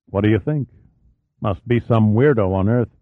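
A man's voice: lowish voice, normal speed, natural voice. A puzzled male engineer talks in a casual, offhand way, as a man reads him aloud. The sound is thin and phone-like, with no room echo. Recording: dry, thin phone-like audio.

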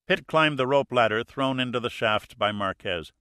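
A man narrating a thriller audiobook in a steady, measured way. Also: medium pitch, clear, resonant tone, no room sound, studio quality. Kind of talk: scripted narration.

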